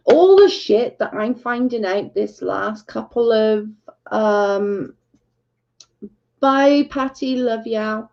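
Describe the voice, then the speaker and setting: A woman's voice: fairly high pitch, a little mellow. A woman hosting a casual livestream, ranting in exasperation and saying "like" a lot. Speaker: livestream host. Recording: dull lo-fi stream audio.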